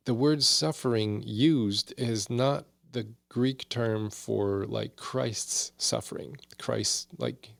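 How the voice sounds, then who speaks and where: Low gravelly man teaching casually. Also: no room sound. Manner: conversational and candid, with frequent fillers and asides. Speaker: podcast guest teaching Bible study.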